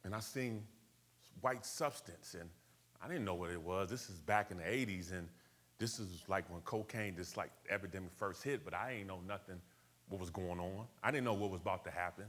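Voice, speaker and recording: A man's voice: sits low, normal speed, fairly bright tone. A man from Buffalo, USA, telling his personal story to a live audience in a conversational way, questioning the room and slipping into street slang. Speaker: motivational speaker.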